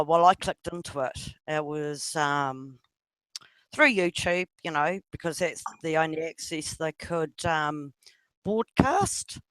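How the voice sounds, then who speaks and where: A woman's voice: sits low, fairly bright tone, clean tone, no echo. A woman with a New Zealand accent in a casual voice chat, rambling, swearing freely and laughing often.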